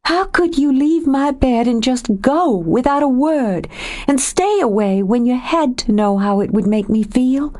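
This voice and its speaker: A woman's voice: high-pitched, animated, measured pace, voice pushed up. A woman doing a hurt, accusing young woman. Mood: hurt, angry. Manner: sharp, raised, accusing. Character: hurt, angry young woman confronting her lover. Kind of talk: audiobook character voice.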